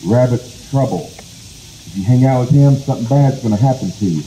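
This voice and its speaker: A man's voice: mid-range voice, lively intonation, a little fast, close to an everyday voice. A man voicing politely dismissive village women. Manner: gently dismissive. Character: polite young village women turning a suitor down. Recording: echoey with faint noise.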